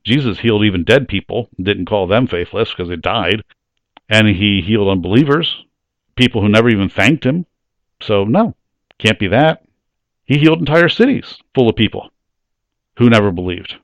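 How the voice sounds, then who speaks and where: Male preacher, slightly low voice, talky Bible-study delivery, dry close sound. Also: animated, moderate pace, no room sound. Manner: conversational, plain-spoken teaching with rhetorical questions. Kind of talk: sermon.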